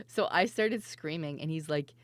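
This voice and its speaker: A woman streamer telling stories in casual chat, her voice worn and hoarse, laughing often and swearing freely. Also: low voice, no room sound. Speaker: VTuber streamer.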